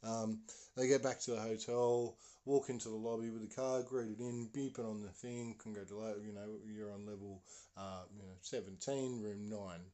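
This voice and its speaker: Podcast guy telling a long story, loose and rambly, mellow low-key voice. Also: fairly even intonation, normal speed. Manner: rambling, full of "you know" fillers. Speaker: podcast host. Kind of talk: casual storytelling.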